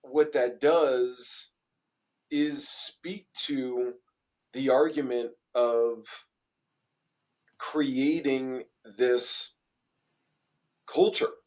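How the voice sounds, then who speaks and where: A man hosting a podcast who is also a coach, talking thoughtfully in a casual interview with many halting restarts. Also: medium pitch, fairly even intonation, darkish tone.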